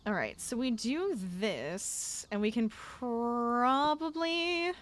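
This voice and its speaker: A woman's voice: fairly high pitch, sing-song, slow. A young adult woman streaming a game, chatting casually with her viewers and getting exasperated as she plays. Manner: chatty, talks to chat, gets exasperated. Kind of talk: casual gameplay livestream chat.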